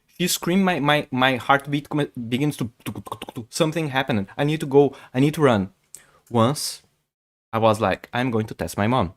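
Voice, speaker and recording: A man, a Portuguese speaker, chatting casually with viewers on a chess stream, often stammering and repeating words. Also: a little high. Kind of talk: casual livestream chat.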